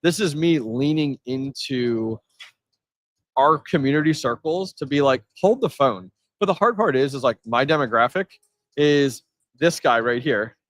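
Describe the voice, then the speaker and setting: A man with a mid-range voice hosts a live stream from an event floor, chatting casually. Full of energy, he answers his chat, reads messages aloud and throws in quick asides. No room sound is audible.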